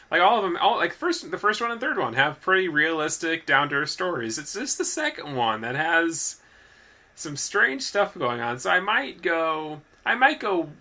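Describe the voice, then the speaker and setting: A man's voice: on the high side, bright, forceful tone. A young man co-hosting a casual movie podcast, rambling and correcting himself as he talks, often laughing. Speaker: podcast co-host.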